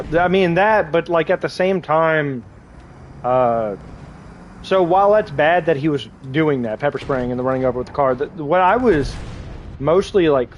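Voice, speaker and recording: A young man talks loosely while he plays a game on stream, his voice sitting a little high. He rambles from story to story, swears freely and keeps breaking into laughter. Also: a little hiss or hum, low-quality recording. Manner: rambling, laughing often, crude. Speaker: gaming streamer. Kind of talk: casual chat while gaming.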